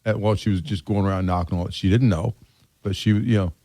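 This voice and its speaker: A man's voice: fairly low pitch, fairly even intonation, fast, warm tone, no echo. A man hosting a local real estate radio show, telling folksy anecdotes. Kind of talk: casual radio chat. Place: radio studio. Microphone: studio mic.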